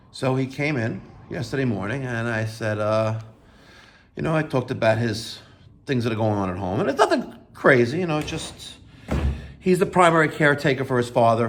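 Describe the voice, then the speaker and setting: A man's voice: mid-range voice, a little hiss or hum. A middle-aged man from New York who owns a plumbing business, talking unscripted with lots of fillers and self-corrections. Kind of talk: unscripted video talk.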